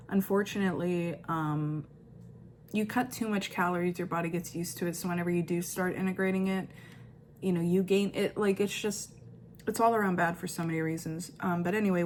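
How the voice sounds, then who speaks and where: A woman's voice: lowish voice, a little mellow, a little hiss or hum. Rambling mother chatting in a home vlog. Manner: rambling, filler-heavy, self-correcting. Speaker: vlogger, mother. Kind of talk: casual vlog chat.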